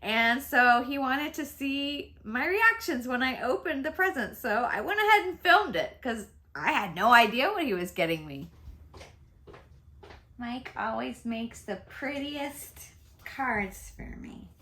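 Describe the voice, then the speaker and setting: A chatty, excitable woman in her fifties, vlogging casually to camera about beauty at home and laughing often. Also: high voice, measured pace, slight background noise. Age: 50s.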